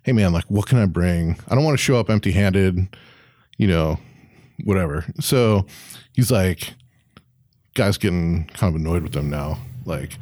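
Laid-back low-voiced man. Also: expressive, moderate pace, a little mellow, no echo, studio quality. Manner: loose, profane storytelling with acted quotes. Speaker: storyteller. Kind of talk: casual anecdote.

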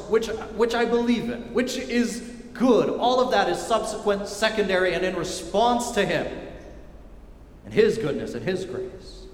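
A male pastor preaching a sermon emphatically and with repetition, often dropping to a quiet intensity. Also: high voice, lively intonation, measured pace. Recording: echoey hall with long reverb.

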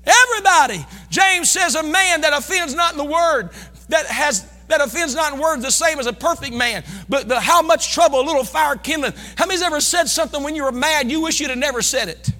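A middle-aged Midwestern American man preaching in a church sanctuary, his voice very high for a man and sharply bright. He is folksy, shouting one moment and dropping to low asides the next. A long reverb trails every line. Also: expressive, fairly quick. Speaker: pastor. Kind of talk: sermon.

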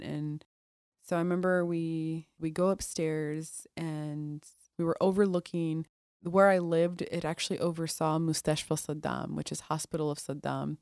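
Low-voiced woman recounting her childhood. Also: steady tone, a little slow, clean tone, no echo, clean studio sound. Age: adult. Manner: conversational, many restarts, often drops soft and quiet. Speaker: podcast guest, Air Force officer. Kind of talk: candid personal storytelling.

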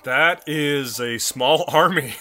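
A man's voice: fairly high pitch, slow pace, pushed and bright, soft background music. A man co-hosting a podcast, chatting casually, often laughing, self-deprecating and swearing. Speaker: podcast co-host.

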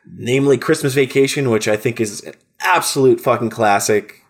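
Male podcast host, middle pitch, loose and profane, rambling delivery. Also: normal speed. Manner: rambling, swearing, lots of restarts. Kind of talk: casual podcast chat.

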